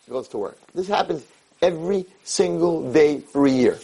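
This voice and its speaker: Guy giving a storytelling sermon, animated, husky, drops yiddish words. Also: on the high side, normal speed, poor audio. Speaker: lecturer.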